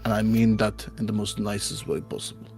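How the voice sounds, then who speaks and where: A grave bodyguard pledges himself in a hushed, solemn voice, as a man acts him out in a tabletop game. Faint music hums behind him. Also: on the low side, fairly quick, lightly acted. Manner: solemn, quiet, protective. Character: loyal, grave male bodyguard knight.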